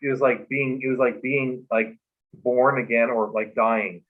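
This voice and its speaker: A man, a guest on a livestream talk show, telling a personal story in a halting, earnest way with many restarts, over a video call. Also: medium pitch, steady tone. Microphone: remote video call. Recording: muffled livestream audio.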